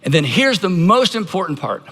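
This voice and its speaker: Animated high-voiced pastor in a hall. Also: male voice, normal speed. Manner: emphatic, leads congregation in call-and-response practice. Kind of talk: sermon.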